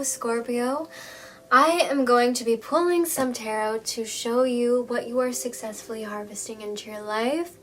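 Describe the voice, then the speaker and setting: A woman reads tarot for her viewers in a gentle, reassuring way. Her voice sits a little high, and she pauses often and fills gaps with soft hesitations. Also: a little hiss or hum. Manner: gentle, reassuring, with frequent fillers. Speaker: tarot reader. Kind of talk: tarot reading monologue.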